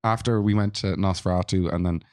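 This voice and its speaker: A man's voice: sits low, fairly even intonation, fairly quick, darkish tone, no room sound, studio quality. A man with an Irish accent, co-hosting a casual film podcast, chatty and rambling. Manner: chatty, rambling with restarts and laughs. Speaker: podcast co-host. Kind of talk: casual chat.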